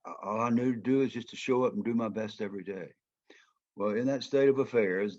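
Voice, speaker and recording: An older man with a Southern American drawl tells stories as a guest speaker. His voice is low and husky, and he speaks in a folksy, emphatic way. The sound is muffled and lo-fi. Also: darkish tone. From Georgia, United States. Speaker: former football player and coach, guest speaker. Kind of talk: storytelling talk.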